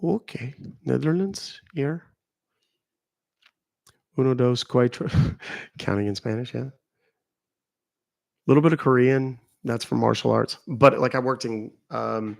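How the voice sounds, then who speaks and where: Middle-aged male host, low fry-edged voice, dry close sound, chatty livestream rambler. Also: normal speed, no echo. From Texas. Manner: rambling, chatty, answering viewer comments. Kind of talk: casual livestream chat.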